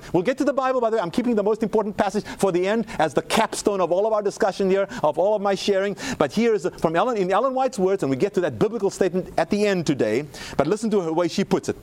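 A man preaching a sermon, asking the audience questions and slowing down to read quotes with emphasis. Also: sits high, darkish tone.

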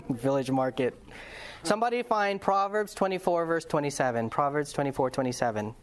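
A man's voice: a little high, lively intonation, fairly quick. Passionate, earnest male preacher. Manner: passionate, earnest, asks the audience questions; conversational storytelling with restarts. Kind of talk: sermon-style lesson to a congregation.

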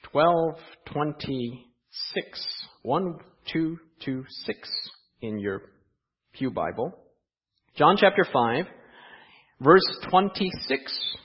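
A man preaching a sermon in a church, asking the congregation rhetorical questions and moving between quiet asides and raised emphasis. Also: a little high, big pitch swings, takes it slowly, long pauses, breathy edge, dull audio. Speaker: pastor. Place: church sanctuary.

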